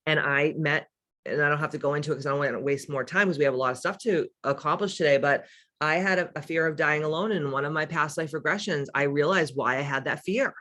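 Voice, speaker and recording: A woman's voice: deep voice, fast talker, fairly bright tone. A middle-aged woman with a smoky voice, hosting a casual livestream as a spiritual coach, reading viewer comments and talking candidly, with profanity and frequent laughter. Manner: candid and profane, laughs often, playful asides.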